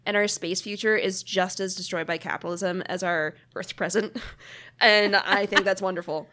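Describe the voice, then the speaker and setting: A woman's voice: mid-range voice, steady tone, moderate pace, bright, forceful tone. Laughing woman podcast co-host. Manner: laughing, joking, reads from notes. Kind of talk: casual chat.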